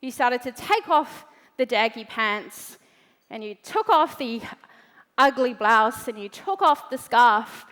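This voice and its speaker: A woman's voice: a little high, lively intonation, slow, a bit bright. A woman giving a brash, swearing motivational talk on a big event stage. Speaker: motivational speaker. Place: large event hall stage. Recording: reverberant large hall.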